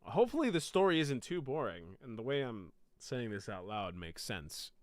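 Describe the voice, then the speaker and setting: Animated, profane man rehearsing a monologue. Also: medium pitch, moderate pace, no echo, studio quality. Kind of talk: rehearsing a comic solo show.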